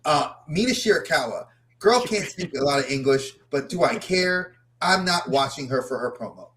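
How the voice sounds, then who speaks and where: A man co-hosting a wrestling podcast in casual chat, animated and rambling through lists of names. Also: a little high, normal speed, slight background noise. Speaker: podcast co-host.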